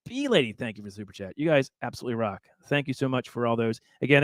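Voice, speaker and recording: Male livestream host, middle pitch, chatty and rambling, dry close sound, laughs easily. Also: fairly bright tone, no room sound. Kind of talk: casual livestream chat.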